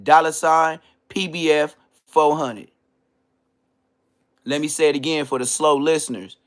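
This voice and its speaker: A man hosting a podcast, delivering a comedic roast rant full of slang and mocking jabs, swinging between loud outbursts and low muttered asides. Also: steady tone, measured pace. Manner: trash-talking, heavy slang, mocking. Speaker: podcast host.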